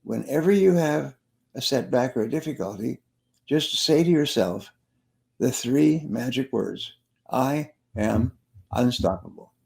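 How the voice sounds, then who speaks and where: A man's voice: mid-range voice, animated, unhurried, gravelly, a little mellow. A man, a sales trainer and motivational speaker, telling stories in an interview and repeating his key phrases for emphasis. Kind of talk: interview storytelling.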